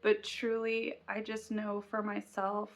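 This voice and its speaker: A woman's voice: medium pitch, completely flat delivery, measured pace. A young woman vlogger sharing an earnest, confessional faith reflection to camera. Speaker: Christian vlogger.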